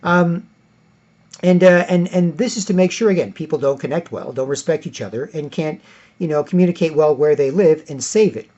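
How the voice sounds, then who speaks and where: A man's voice: fairly high pitch, moderate pace, mellow, lo-fi sound. A man delivering a rambling, repetitive political rant as a vlogger.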